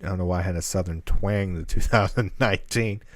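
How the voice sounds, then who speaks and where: A man's voice: sits low, fairly quick, no echo, clean studio sound. A man co-hosting a casual podcast, rambling through notes with many fillers and restarts. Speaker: podcast co-host.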